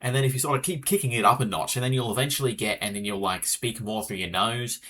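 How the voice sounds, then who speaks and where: A man's voice: medium pitch, quick pace, bright, forceful tone. An Australian man chatting casually with viewers while streaming a game, rambling as he talks. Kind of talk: casual live gameplay chat.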